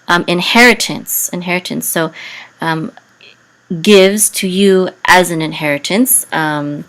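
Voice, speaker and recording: A woman teaching Hebrew reading and chant in a casual, halting way, with many fillers, breaking into a higher sung tone for the words. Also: a bit bright.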